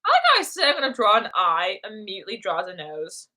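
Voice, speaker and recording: A woman's voice: mid-range voice, very animated, quick pace, sharp tone. A young woman chatting casually while drawing on a live stream, playfully talking to herself and to chat.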